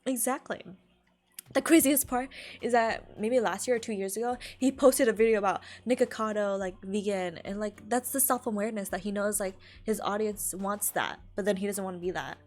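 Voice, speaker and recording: A woman's voice: medium pitch, normal speed, a little mellow. A young woman from California chatting casually on a live stream, rambling, laughing often and filling her talk with "like".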